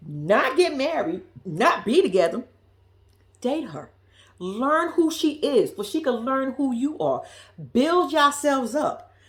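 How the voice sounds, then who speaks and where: A woman giving a profane, animated recap of a reality show, acting out quotes in a blunt, sassy way. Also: high-pitched.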